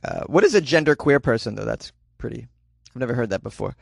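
A man's voice: mid-range voice, expressive, quick pace, creaky, dry recording. Wry man doing comedic news commentary. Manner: wry, joking asides, chatty. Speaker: host.

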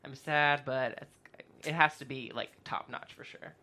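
A woman co-hosting a casual chat, agreeable and quick to laugh. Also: rumbling low, pushed and bright. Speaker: co-host.

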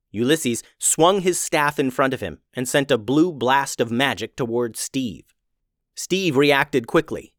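A man narrating a fantasy story in an expressive storytelling voice. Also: medium pitch, unhurried, no echo, studio quality.

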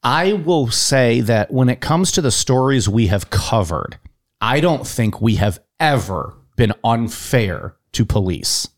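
A man's voice: medium pitch, sing-song, slow. A man co-hosting a podcast, talking in an earnest, casual way. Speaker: podcast co-host. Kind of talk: casual chat.

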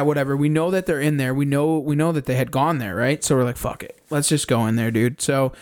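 A young man on a podcast, casually recounting a hunt in animated detail, swearing often and acting out his own reactions. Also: mid-range voice, clean tone. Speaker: podcast co-host. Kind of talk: casual storytelling recap.

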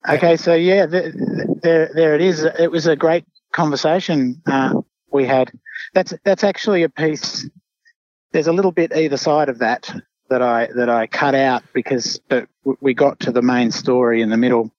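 Hesitant podcast host with a dull, dry sound. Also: male voice, fairly high pitch, steady tone, normal speed, darkish tone, no echo. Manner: hesitant, many restarts and fillers. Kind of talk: casual podcast talk.

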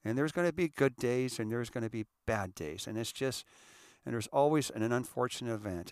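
A man's voice: medium pitch, expressive, fairly quick, clear, resonant tone, no echo, clean studio sound. A middle-aged man hosting a show, talking earnestly and emotionally, often repeating and restarting his words. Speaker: podcast host. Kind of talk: casual heartfelt monologue.

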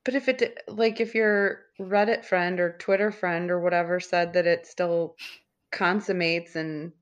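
A woman's voice: lowish voice, fairly even intonation, a little slow, highs cut off. A woman co-hosting a podcast, sarcastic and wry in casual chat. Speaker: podcast co-host.

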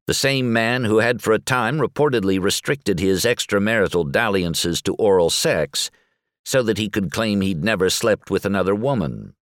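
Low-voiced man reading an article. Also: no echo, studio quality. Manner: measured, articulate reading with lively intonation. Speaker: narrator. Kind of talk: scripted narration of a magazine article.

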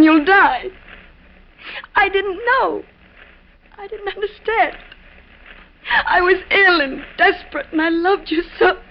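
A woman's voice: very high-pitched, full character voice. An actress playing a desperate wife who has poisoned her husband, pleading and tearful in a 1940s radio drama, on a muffled old broadcast recording. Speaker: Lorna.

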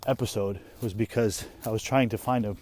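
A man's voice: fairly low pitch, steady tone, brisk, a little mellow, a little hiss or hum. A young man and parent, talking casually while walking through the woods, rambling with lots of swearing and restarts. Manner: rambling, profane, trailing off and restarting. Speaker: vlogger and parent. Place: woods outdoors.

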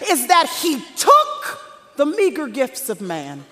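A woman preacher delivering a sermon, swinging from hushed near-whispers to shouted peaks. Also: high-pitched, huge pitch swings, takes it slowly. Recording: reverberant hall with faint crowd.

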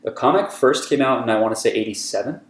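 A man's voice: medium pitch, quick pace. A man in his thirties, a podcast host, recapping an anime episode in casual chat and acting out the characters' lines. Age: 30s. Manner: animated storytelling, acts out characters' lines. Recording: echoey room.

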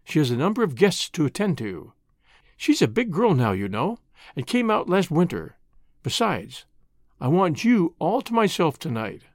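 A narrator voicing a soft-spoken loving mother. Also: medium pitch, very animated, normal speed, no echo, clean studio sound. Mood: gentle. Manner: soft, tender. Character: loving, determined middle-aged mother. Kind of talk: reading a classic short story aloud.

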